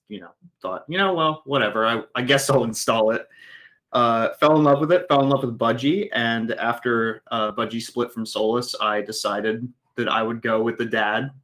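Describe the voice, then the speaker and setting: A young man with a bright, tense voice introduces himself on a video call. He rambles a little and makes light of himself, in an offhand student way. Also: medium pitch. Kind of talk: casual self-introduction.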